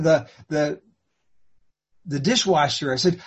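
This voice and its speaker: A man preaching in first-person storytelling, swinging between hushed and fervent delivery. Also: a little high, expressive, slow, pauses often, husky.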